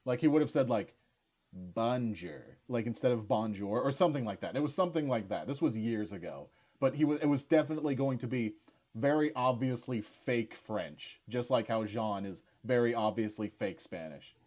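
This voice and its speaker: A man's voice: medium pitch, expressive, brisk, darkish tone. A young man chatting casually as he rewatches his own series, stammering, restarting and laughing easily.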